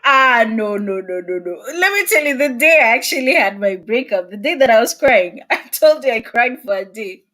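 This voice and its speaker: A young woman speaking as a guest in a casual video-call interview, expressive and laughing often. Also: on the high side, moderate pace, hardly any pauses.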